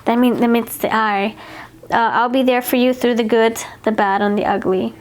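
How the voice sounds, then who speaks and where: A woman's voice: fairly high pitch, steady tone, normal speed. A woman giving a pick-a-card tarot reading, chatting casually, repeating herself and reading card messages aloud. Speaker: tarot reader.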